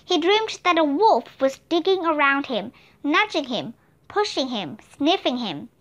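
A woman narrating a children's storybook with steady, expressive reading. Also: high voice, unhurried. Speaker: audiobook reader.

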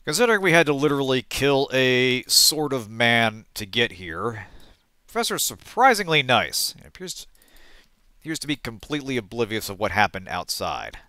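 A man hosting a let's play, reading game text aloud and thinking out loud, often trailing off and correcting himself. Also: medium pitch, sing-song, moderate pace, dry recording.

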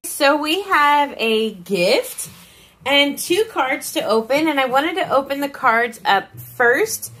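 A woman's voice: high-pitched, animated, slow, a bit bright, a little hiss or hum. Gushing woman opening holiday gifts. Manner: gushing, reads cards aloud with frequent exclamations. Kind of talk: casual chat.

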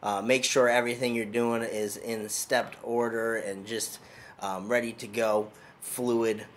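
A man's voice: medium pitch, little pitch movement, measured pace, a bit bright, slight background noise. A man hosting a casual strength-training podcast as a coach, talking in an upbeat, loose, conversational way.

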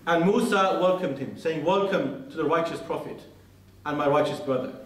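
A man's voice: on the high side, normal speed. A man giving an earnest mosque lecture, telling a story and reciting Arabic quotations. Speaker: preacher. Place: large mosque hall. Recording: very echoey hall, speaker far from mic.

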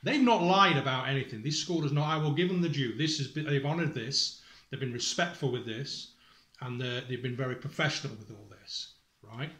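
A man's voice: mid-range voice, brisk, fairly bright tone, echoey room. A distressed man speaking straight to his family as a father. He is angry and accusing, swears, breaks off his sentences and reads aloud from a school report. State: distressed and emotional. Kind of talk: emotional direct-to-camera appeal, reading from a school report.

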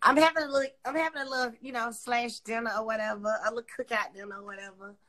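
A woman's voice: on the high side, steady tone, fast talker, a bit bright. A woman hosting a phone livestream, talking casually in a brash, profane, mocking way. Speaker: Instagram live host.

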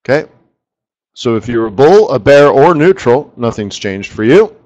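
A man's voice: medium pitch, big pitch swings, moderate pace, darkish tone, muffled recording. A middle-aged man hosting a casual live trading webinar, talking in a rambling, chatty way with asides about his screen tools. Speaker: forex market strategist hosting a live webinar.

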